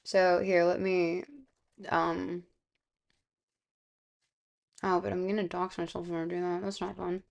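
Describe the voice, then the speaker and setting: A young woman from South Florida, streaming and chatting casually, with vocal fry and a slightly hoarse, sick voice, rambling with lots of fillers. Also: lowish voice, little pitch movement, measured pace, pauses often. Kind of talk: casual live-stream chat. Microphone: close streaming microphone.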